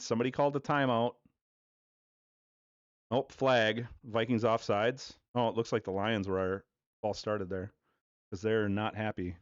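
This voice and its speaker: A low-voiced man chats casually on his home livestream, crude and loose, tossing in quick play-by-play. The sound is dull and lo-fi, with a dry, close feel. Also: dry recording. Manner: loose, profane chatter with offhand play-by-play.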